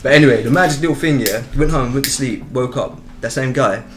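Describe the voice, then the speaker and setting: A man's voice: mid-range voice, fast talker. A young man with telling a rambling, swear-heavy story in a casual podcast chat. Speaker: podcast host. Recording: music playing behind.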